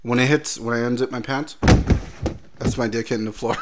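A man's voice: mid-range voice, fairly even intonation, a little fast, very noisy. Crude, laughing man telling stories. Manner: crude, laughing storyteller acting out quotes. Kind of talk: casual chat.

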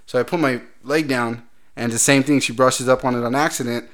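A man's voice: mid-range voice, steady tone, quick pace, a bit bright. A man in casual podcast chat, telling crude stories with lots of laughing and quoted voices.

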